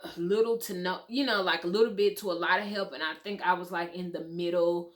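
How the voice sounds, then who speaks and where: A woman vlogger telling her personal story at home in a casual, animated way, talking straight to her viewers and swearing now and then. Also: fairly low pitch, fairly quick.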